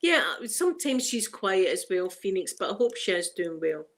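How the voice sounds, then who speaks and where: A woman's voice: mid-range voice, big pitch swings, normal speed. A Scottish woman hosting a live stream, chatting casually and rambling with viewers, laughing often. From Scotland.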